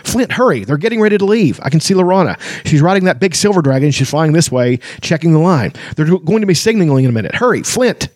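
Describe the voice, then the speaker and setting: A squeaky, breathless little kender man, fearless and childlike, rattling off his words in a rush, as a man puts him on. The voice is high and jumpy, recorded dry and close. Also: very animated, rapid-fire, hardly any pauses, breathy edge, dry recording, exaggerated voice. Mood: excited.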